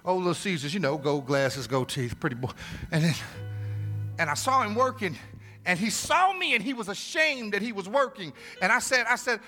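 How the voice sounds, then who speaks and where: Animated, bright-voiced preaching pastor. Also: male voice, high-pitched, moderate pace, faint music behind. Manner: emotional, repetitive preaching with slangy asides. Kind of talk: storytelling sermon. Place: church sanctuary.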